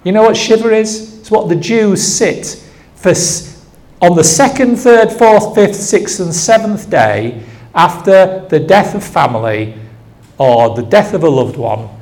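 A man's voice: high voice, expressive, a little slow, darkish tone. A man in his sixties preaching a sermon, telling a story and asking the congregation rhetorical questions.

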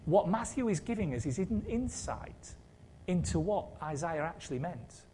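A man's voice: high-pitched, very animated, unhurried, slight background noise. A man preaching a sermon in a conversational way, with wry humour and rhetorical questions.

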